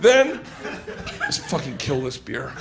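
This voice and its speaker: A middle-aged man telling a rowdy, profane story as a stand-up comedian on a club stage, breaking into shouted chants. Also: mid-range voice, huge pitch swings, slow. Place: comedy club stage before a laughing crowd. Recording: live club recording with loud audience noise.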